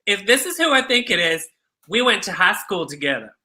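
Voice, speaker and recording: A woman's voice: mid-range voice, sing-song, brisk, pushed and bright. A woman co-hosting a live drag race recap show in casual chat, bubbly and gushing.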